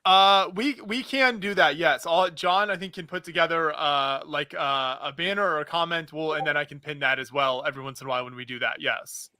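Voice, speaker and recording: A man's voice: on the high side, fairly quick, few pauses, pushed and bright, no echo, clean studio sound. A man hosting a charity livestream, upbeat and chatty as he reads out donors and incentives. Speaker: livestream host. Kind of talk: casual livestream chat.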